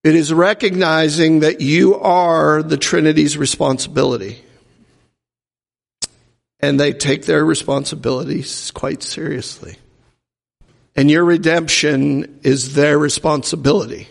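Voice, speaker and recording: Male pastor, sermon, emphatic, rhetorical questions, gravelly, reverberant hall. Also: a little high, measured pace.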